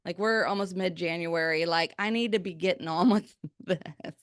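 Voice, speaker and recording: An energetic woman gives a faith-based pep talk on her podcast. She talks in a chatty, lively way, full of "like" fillers. The recording is dry and close, with no room echo. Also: lowish voice, normal speed. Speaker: podcast host.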